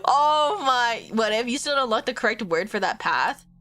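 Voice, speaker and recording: High, lively woman ranting through a game. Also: brisk, soft background music. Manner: dramatic, cursing outbursts, talks to viewers. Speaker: vtuber streamer. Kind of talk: casual gameplay commentary.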